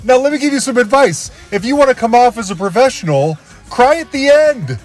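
A man's voice: very high voice, animated, fairly quick. A man hosting a podcast and introducing an episode on his own, rambling and self-deprecating. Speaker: podcast host.

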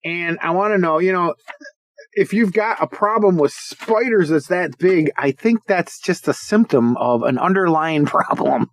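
A man's voice: sits high, unhurried, dry recording. A man co-hosting a podcast in casual chat, laughing often and teasing himself and his partner. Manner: laughs often, joking and self-mocking. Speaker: podcast co-host.

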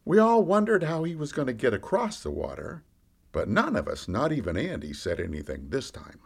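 A podcast storyteller performs a full character voice as a candid fisherman disciple, telling his own story in a first-person monologue. His mid-range voice is creaky with a breathy edge at normal speed, rising and falling with the action.

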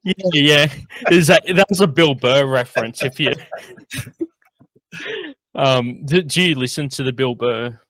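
A man's voice: medium pitch, big pitch swings, slow, long pauses, a bit bright, dry recording. A man hosting a podcast in casual chat, rambling with lots of fillers and frequent laughs. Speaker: podcast host.

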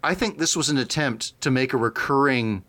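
Easygoing male co-host, explains, laughs often, lively pitch. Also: moderate pace. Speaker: podcast co-host. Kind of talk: casual chat.

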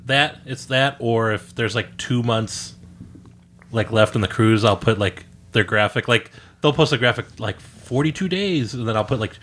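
A man's voice: on the low side, steady tone, normal speed, a bit bright, a little hiss or hum. Guy cohosting a podcast, jokey, keeps laughing and doing people's reactions. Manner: jokey, laughs often, acts out other people's replies. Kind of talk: casual podcast chat.

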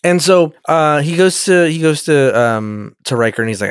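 Animated swearing guy telling a story. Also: fairly high pitch, clear, resonant tone, no room sound, studio quality. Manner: animated storyteller, acts out characters in quick impressions, swears a lot. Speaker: podcast co-host. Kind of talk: casual chat recapping a TV episode.

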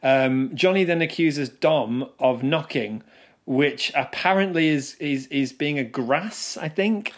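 A podcast co-host chats casually, laughing often and talking over his partner. His voice is a little high and he takes things slowly.

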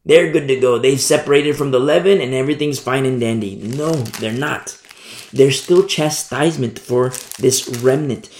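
A man preaching a sermon, repeating and stressing points, his voice climbing high when emphatic and stumbling over words as he works through scripture verse by verse. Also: moderate pace, echoey room, a little hiss or hum. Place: church.

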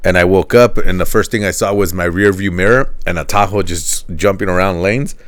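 Deep-voiced man, dry sound. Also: fairly quick, fairly bright tone, no room sound. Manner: profane, laughing storyteller. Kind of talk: casual chat.

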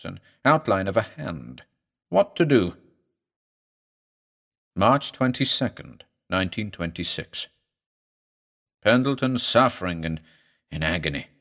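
A man narrating a horror story for an audiobook in a grave, measured, dramatic way. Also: fairly low pitch, sing-song, vocal fry, a bit bright.

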